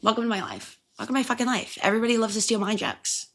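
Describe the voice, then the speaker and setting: Talking rapid-fire in a fairly high, slightly bright voice, a young podcast host rambles through casual solo chat about her server job, cursing freely and cracking herself up. The recording has a little hiss or hum.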